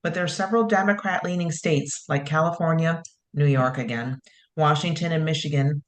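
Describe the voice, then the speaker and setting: A woman co-hosting a casual opinion chat, measured and careful, reading out news items. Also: low-pitched. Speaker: podcast co-host.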